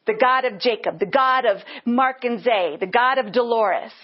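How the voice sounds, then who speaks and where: A woman's voice: fairly high pitch, moderate pace. A woman teaching a Bible lesson earnestly, breaking into bursts of praise. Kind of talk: teaching sermon. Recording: dull lo-fi sound.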